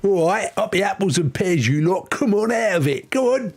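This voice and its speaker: A man voicing a brash old-school male London geezer in a loud, cheery Cockney accent full of slang. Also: high-pitched, lively intonation, moderate pace, pitched above the performer's own voice. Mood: cheeky.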